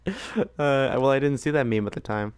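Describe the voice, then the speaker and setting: A man's voice: mid-range voice, expressive, normal speed, clear, resonant tone, dry recording. A man rambling in a casual late-night chat, full of fillers and laughter. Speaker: streamer host.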